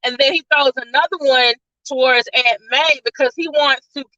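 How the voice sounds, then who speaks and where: A woman with a high, bright voice rambles through a casual plot recap as a movie reviewer, leaning on fillers like "like" and "all of a sudden." The recording is dry and a little dull, with a lo-fi edge. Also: steady tone, moderate pace, no echo.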